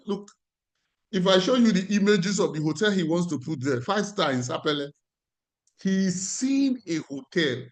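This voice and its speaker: Nigerian guy coaching a class, voice swings up and down a lot, hammers the same phrases. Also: high-pitched. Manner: emphatic, repeats key phrases. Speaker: life coach teaching a class. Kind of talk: classroom teaching talk.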